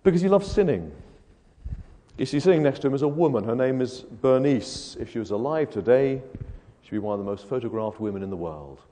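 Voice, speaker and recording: Lively preacher man in an echoey hall. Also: medium pitch, fairly quick. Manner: rhetorical questions, dramatic swings between hushed and loud. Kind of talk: evangelistic sermon.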